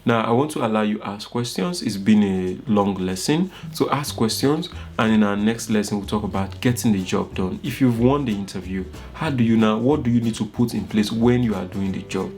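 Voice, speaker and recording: A man's voice: lowish voice, a little fast, few pauses, a little mellow, soft background music. A young man with a Nigerian accent teaching an informal online course, coaching his listeners and often checking "you get it?". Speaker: course instructor.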